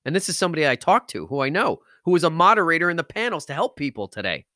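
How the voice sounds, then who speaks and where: A man's voice: fairly high pitch, sing-song, racing, bright, forceful tone, no room sound, studio quality. A man hosting a podcast, telling an emotional story with intense, emphatic delivery that rises into outbursts. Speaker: podcast host.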